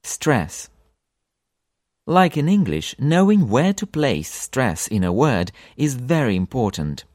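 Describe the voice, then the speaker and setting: A man teaching a language lesson for an audiobook, repeating example words slowly with long drawn-out vowels. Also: mid-range voice, big pitch swings, darkish tone, no room sound, clean studio sound.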